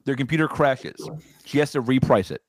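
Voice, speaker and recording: A man's voice: mid-range voice, a little fast, no room sound. A man co-hosting a podcast, telling stories and joking in casual chat. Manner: joking, animated storytelling. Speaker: podcast co-host.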